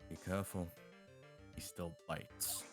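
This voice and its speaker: A man voicing a smug, unshakable masked male prosecutor in a live fan dub of a game, speaking calmly with dry amusement. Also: deep voice, a little slow, over music. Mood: cool. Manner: calm, drawling, dryly amused.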